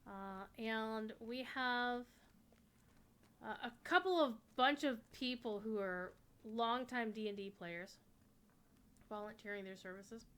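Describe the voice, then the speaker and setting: A woman livestreaming a game, chatting in a rambling way with sudden excited outbursts. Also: a little high, slow pace, clear, resonant tone. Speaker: livestreaming gamer. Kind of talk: casual chat while playing a game.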